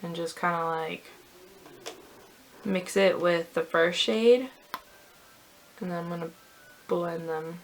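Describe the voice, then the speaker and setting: Chatty young woman with a gravelly edge. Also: fairly low pitch, fairly even intonation, slow pace, long pauses, a little hiss or hum. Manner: chatty, self-deprecating, many fillers like "like". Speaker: beauty vlogger. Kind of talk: casual chat while doing makeup.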